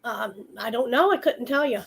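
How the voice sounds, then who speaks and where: Older western new york lady, high husky voice, telling stories and laughing. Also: animated, normal speed. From Rochester, New York, USA. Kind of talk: casual chat, storytelling.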